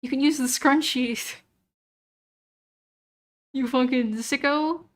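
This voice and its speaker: A young woman with a high voice talks loosely on a livestream. She mutters to herself as she clicks through a website and swears freely. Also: fairly even intonation, slow. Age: young adult. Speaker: VTuber streamer. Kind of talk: casual livestream chat.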